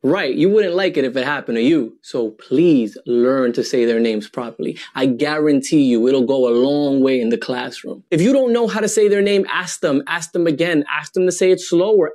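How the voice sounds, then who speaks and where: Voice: mid-range voice, lively intonation, normal speed, hardly any pauses, a little mellow. Educator on video; direct, emphatic, mid-range voice. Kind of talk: scripted video address.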